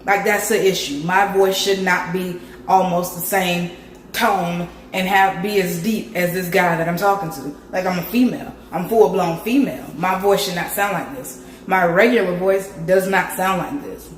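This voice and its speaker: Hoarse, raspy woman vlogger. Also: normal speed, echoey room, slight background noise. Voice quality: raspy, deep from sore throat. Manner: chatty, talks straight to viewers. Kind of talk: casual vlog chat.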